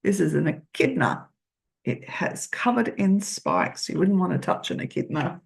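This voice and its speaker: An older woman reading a children's picture book aloud, gently asking the listener questions. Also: lowish voice, very animated, moderate pace, gravelly.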